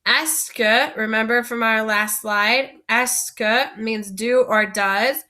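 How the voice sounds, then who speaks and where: Woman teacher going through french vocab real slow, kinda high bright voice, has you repeat after her. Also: steady tone. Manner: slow, patient, asks learners to repeat words. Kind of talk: classroom vocabulary lesson.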